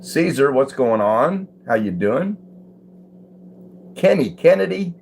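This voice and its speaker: This older host speaks slowly in a mid-range, darkish voice with big pitch swings and vocal fry. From home, he chats casually on a live stream, reading comments, chuckling, and welcoming viewers by name, with a little hiss or hum behind him.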